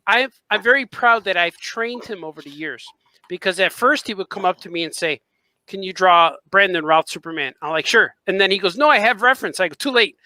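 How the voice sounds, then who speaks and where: A man who draws comics, co-hosting a podcast and telling a story with lively acted-out dialogue and frequent laughter. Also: high voice, a little fast, dry recording, low-quality recording. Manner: animated storyteller, acts out dialogue, laughs often. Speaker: podcast co-host and comic artist. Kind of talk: casual chat.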